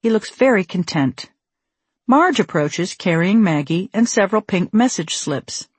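A woman narrating her own memoir as an audiobook, with a wry, measured delivery on a close microphone. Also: mid-range voice, animated, husky, no room sound.

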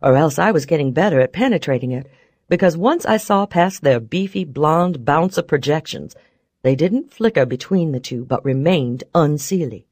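Low-voiced woman narrating an audiobook. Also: expressive, moderate pace, darkish tone, no echo, clean studio sound. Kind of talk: first-person audiobook narration.

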